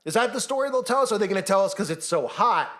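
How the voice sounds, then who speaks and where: A man with a fairly high voice holds forth in a solo commentary monologue. His tone is sarcastic and ranting, and he slips into mocking quoted voices. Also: lively intonation, fast talker, fairly bright tone. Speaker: channel host.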